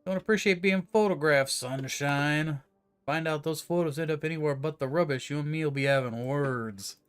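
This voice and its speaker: A man's voice: on the high side, normal speed, clean tone, faint music behind, natural voice. A man voicing a menacing ex-gangster with a put-on Cockney accent, threatening and clipped.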